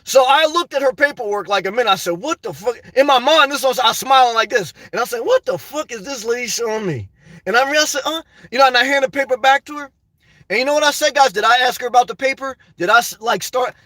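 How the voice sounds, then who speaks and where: A man's voice: very high voice, fast talker, bright, forceful tone, no room sound. A man venting and telling stories to his viewers in a rambling, casual monologue, often calling them "guys.". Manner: rambling, storytelling, frequent "guys" asides and laughs. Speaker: YouTuber.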